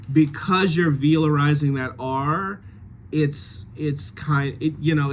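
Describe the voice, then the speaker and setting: A man giving dialect notes to actors after a rehearsal, thinking aloud with many pauses and fillers. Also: on the high side, a little hiss or hum.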